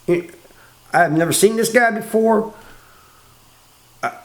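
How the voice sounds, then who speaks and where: An older man with a Southern American accent speaks in a relaxed, drawling storyteller's manner and stumbles over repeated words. His voice sits somewhat high for a man. The sound is roomy, with clear echo around him. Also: takes it slowly. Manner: laid-back, drawling, repeats words as he talks. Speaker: storyteller, former prisoner. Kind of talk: casual spoken storytelling.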